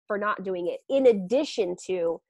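A woman dog trainer talks through her program on a podcast in an animated, chatty way. Her voice sits mid-range for a woman. The recording is close and dry, with no room sound. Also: mid-range voice, normal speed, dry recording. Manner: animated, laughs often, acts out quotes. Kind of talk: podcast interview.

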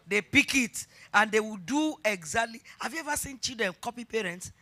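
This is a sermon from a middle-aged woman pastor with a Nigerian accent. She speaks at normal speed in a slightly high, expressive voice, repeating phrases with emphasis before breaking into shouted exhortation.

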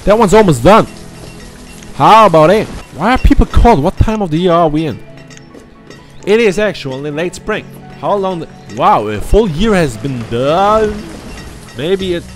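A man's voice: high voice, lively intonation, unhurried, soft background music. A man whose first language is German, giving rambling, profane, self-mocking commentary while playing a game. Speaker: gaming commentator. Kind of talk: casual let's-play commentary.

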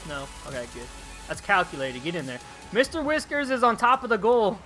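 A young man live streaming a game, chatting excitedly with viewers, reading their messages and calling them dude. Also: high voice, fairly quick, soft background music. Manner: excitable, chatty, reads chat aloud, calls viewers dude. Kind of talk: live gameplay streaming commentary.

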